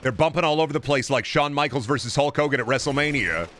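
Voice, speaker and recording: A man's voice: mid-range voice, quick pace, a bit bright, a little hiss or hum. A man streaming a shooter game, talking to his chat in a profane, blunt and mocking way. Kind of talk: casual game commentary to chat.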